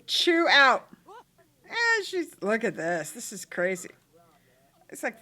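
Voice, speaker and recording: Bright, lively woman narrating a game. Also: fairly high pitch, slow pace, pauses often. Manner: voices her game characters' bickering in quoted lines, laughs often. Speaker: let's play host. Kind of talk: casual gameplay commentary.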